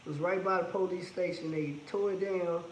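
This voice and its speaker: A man with a notably high speaking voice talks loosely and candidly to viewers over a livestream. He reads their comments out as he goes. The phone audio carries a roomy echo and faint background hiss. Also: steady tone, fairly quick. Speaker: livestream host. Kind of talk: casual livestream chat with viewers.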